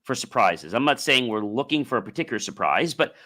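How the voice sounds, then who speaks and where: A male podcast host chatting casually with his guest, his voice sitting at an ordinary middle pitch. He talks expressively and slips into animated asides. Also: fast. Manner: expressive, acts out imagined voices. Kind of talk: casual interview chat.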